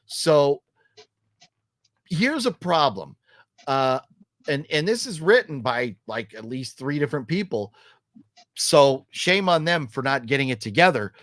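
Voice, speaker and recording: A man's voice: on the high side, big pitch swings, measured pace, long pauses, a bit bright, no echo. Rambling man vlogging in a dry room. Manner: rambling, full of ums and restarts; acts out quoted lines while telling a story. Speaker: vlog host reviewing a horror movie trailer. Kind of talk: casual opinionated chat.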